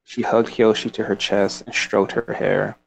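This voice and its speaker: A man's voice: on the low side, level tone, measured pace, creaky, slight background noise. A man casually discussing a book, reading passages aloud and rambling with laughs. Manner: rambling, with frequent fillers and laughs.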